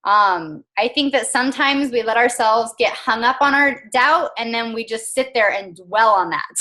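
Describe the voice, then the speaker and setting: A woman's voice: fairly high pitch, moderate pace, sharp tone. A woman, likely in her thirties, coaching her team on a casual motivational call, chatty and earnest with frequent fillers.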